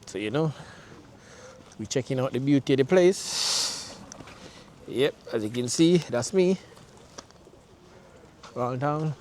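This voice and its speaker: A man's voice: mid-range voice, animated, takes it slowly, pauses often, darkish tone, slight background noise. A man talking casually as a travel vlogger outdoors, in loose, repetitive, chatty commentary. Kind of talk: casual vlog narration. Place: outdoors around a town.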